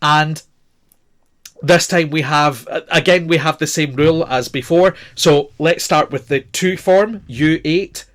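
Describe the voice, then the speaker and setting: A man's voice: fairly high pitch, a little slow, a bit bright. A man teaching a recorded language lesson, patiently repeating forms and spelling them out letter by letter.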